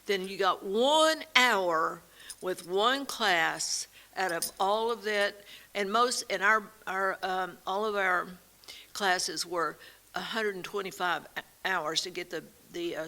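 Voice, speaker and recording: A woman co-hosting a faith and politics talk show, telling stories in an animated way and laughing often. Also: medium pitch, measured pace. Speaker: co-host. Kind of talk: casual talk show chat.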